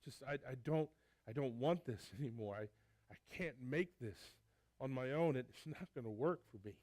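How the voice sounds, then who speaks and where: A man voicing a remorseful young man pleading with his father in halting, stammered words. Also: medium pitch, animated, darkish tone, dry recording, close to an everyday voice.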